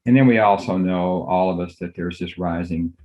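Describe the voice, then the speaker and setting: An older man, a physician, giving a measured academic lecture on a video call, courteous and full of fillers. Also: deep voice, a little mellow, lo-fi sound. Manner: measured, courteous, thinks aloud with many fillers.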